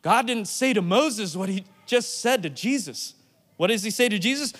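Male pastor, high voice, lively and jokey sermon delivery. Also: normal speed. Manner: playful, animated, acts out quotes.

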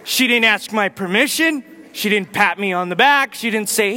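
A man in his thirties preaching a sermon, telling a personal story with animated delivery. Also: high-pitched, moderate pace, few pauses, slight background noise. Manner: storytelling, animated, with loud acted outbursts. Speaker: pastor. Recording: long hall reverb.

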